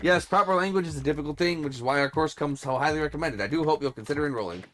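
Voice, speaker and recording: A man's voice: on the high side, very fast, fairly bright tone, natural voice. A man reading aloud a prim, pushy language-school teacher's lines in a formal, salesy way.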